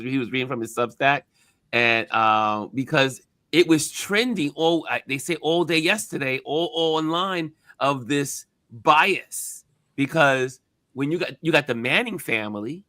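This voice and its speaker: Animated, bright-voiced male podcast host. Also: a little high, no room sound, studio quality. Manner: animated, emphatic storytelling. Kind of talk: casual chat.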